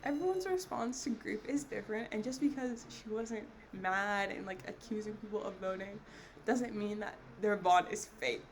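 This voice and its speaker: A woman's voice: mid-range voice, normal speed, slight background noise. A woman giving casual, chatty gameplay commentary, speaking her opinions on the story as she plays. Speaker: let's play streamer. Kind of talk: gameplay commentary and reading dialogue aloud.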